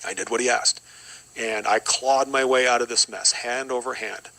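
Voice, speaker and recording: A middle-aged man with a bright, forward voice speaks as a podcast guest. He gives an earnest, reflective personal testimony and often repeats short phrases. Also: mid-range voice, steady tone, normal speed, creaky, low-quality recording.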